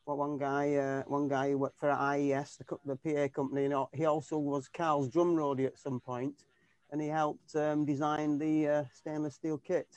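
A man's voice: a little high, flat delivery, moderate pace, darkish tone, clear, resonant tone, no echo. A man, a tribute band keyboardist, chatting in an interview over a video call. He rambles and restarts often, with plenty of fillers. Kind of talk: casual interview chat.

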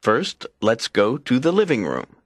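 A man reading textbook exercise instructions and a short factual passage slowly and deliberately. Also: mid-range voice, wildly swooping pitch, dry recording, clean studio sound. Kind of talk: scripted lesson reading.

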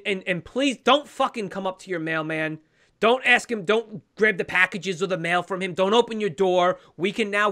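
A New York man co-hosting a podcast rants heatedly in a high, bright, forceful voice. He swears a lot and pleads with listeners in this casual podcast rant.

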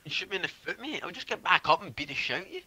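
Complaining young gamer. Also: male voice, high voice, very animated, rapid-fire, bright, forceful tone, breathy edge. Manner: complaining, defensive, frustrated. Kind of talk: casual gaming chat with friends.

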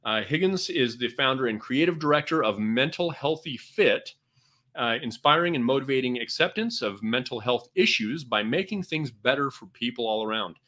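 A man's voice: mid-range voice, animated, moderate pace, sharp tone. A man hosting an interview, enthusiastic and full of "uh" fillers. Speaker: interview host.

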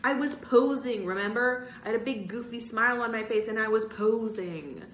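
A whiny, insistent schoolboy, as a woman reader puts him on, pitched higher than a grown voice. He presses every point in a storybook reading, with a roomy echo around the voice. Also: normal speed, fairly bright tone, slight background noise, close to an everyday voice. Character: excitable boy, middle-school age.

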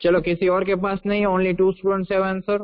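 A man's voice: high-pitched, level tone, clean tone. Indian man teaching over a muffled call. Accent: Indian English. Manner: repeats questions, dictates slowly, coaxing. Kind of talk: online English class. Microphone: video call.

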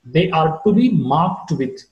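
A man giving a recorded online lecture on English phonetics, teaching slowly and deliberately, with his voice rising and falling widely as he shows the tones. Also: animated, reverberant, highs cut off. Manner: slow, deliberate teaching with wide pitch swings.

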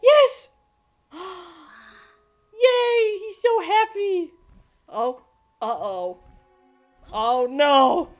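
A woman with a high voice gives casual gameplay commentary at an unhurried pace. She is excitable and breaks into dramatic outbursts. Faint game music plays behind her. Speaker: let's play host.

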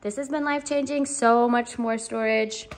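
A woman's voice: on the high side, fairly even intonation, moderate pace. A woman vlogging casually to camera at home, chatty and bubbly, with lots of filler words. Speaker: vlogger and mom. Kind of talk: casual vlog chat to camera. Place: at home in a playroom.

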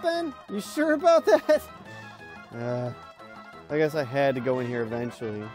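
A man's voice: medium pitch, mellow. A young man giving casual commentary over a game, rambling, swearing and yelping at what happens on screen. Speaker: gameplay commentator. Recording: faint music under the voice.

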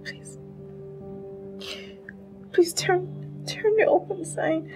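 A heartbroken, halting wife. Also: female voice, a little high, animated, over music. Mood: distraught. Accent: Nigerian. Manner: halting, pleading. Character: heartbroken wife, shaken woman.

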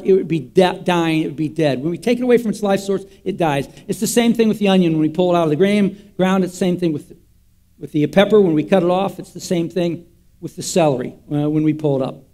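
A man's voice: sits high, a little fast, mellow. A man preaching an interactive sermon to his church, folksy and repetitive, quizzing the congregation call-and-response style. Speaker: pastor.

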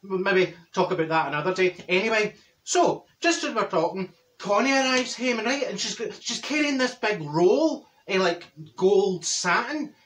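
A man's voice: high-pitched, lively intonation, normal speed, a bit bright, recorded from a distance. A man playing a gossipy Glaswegian woman. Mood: gossipy chatter. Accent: Glaswegian Scottish. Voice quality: rambling, gossipy, full of asides and restarts. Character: chatty Glaswegian middle-aged woman gossip. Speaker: comedy character vlogger. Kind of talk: comic character monologue.

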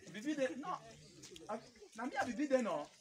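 Animated high-voiced Cameroonian Pidgin man. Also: fast. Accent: Cameroonian Pidgin English. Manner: animated, appealing to the crowd. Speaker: public speaker. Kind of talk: outdoor public address.

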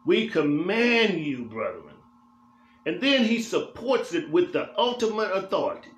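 A man's voice: high-pitched, big pitch swings, measured pace, fairly bright tone. A male pastor teaching a Bible study in a church, speaking emphatically and repeating phrases for weight in a preaching cadence. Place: church sanctuary. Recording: roomy church echo.

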